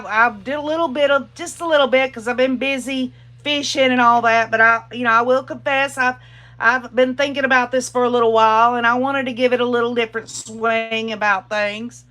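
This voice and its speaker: Chatty woman live-streamer with a bright voice. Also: on the high side. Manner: chatty, greets and reads viewer comments aloud; emphatic, pointed and opinionated. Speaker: livestream host. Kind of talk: casual true-crime commentary livestream.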